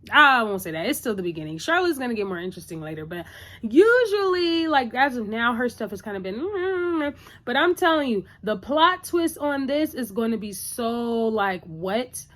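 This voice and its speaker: A woman's voice: on the high side, big pitch swings, unhurried, a bit bright. A woman recapping a TV episode in a casual, chatty, opinionated way, full of "like" and "you know".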